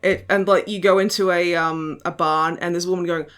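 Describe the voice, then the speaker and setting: A woman's voice: fairly low pitch, steady tone, brisk. A woman hosting a podcast in casual chat, sardonic and giggly, with frequent swearing. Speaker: podcast host.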